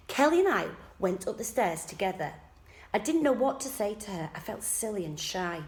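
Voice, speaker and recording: Teacher reading a story softly. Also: female voice, medium pitch, big pitch swings, normal speed. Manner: soft, quiet first-person narration. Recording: echoey room.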